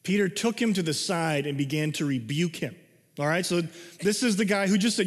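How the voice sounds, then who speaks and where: A man preaching a sermon in a conversational way, reading scripture and explaining it, moving between excited and hushed delivery. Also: high-pitched, a little fast. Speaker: pastor. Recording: long hall reverb.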